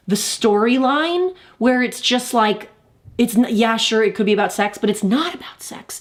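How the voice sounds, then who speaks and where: A woman's voice: a little high, fairly bright tone. Gushing woman livestream host. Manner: gushing, effusive. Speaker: pop culture livestream host. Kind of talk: casual chat.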